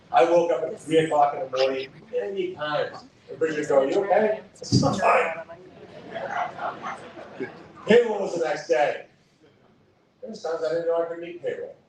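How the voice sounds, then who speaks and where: A man running for office, giving an impassioned campaign speech full of punchy rhetorical questions, recorded from far off in an echoey hall. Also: medium pitch. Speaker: political candidate. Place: event hall.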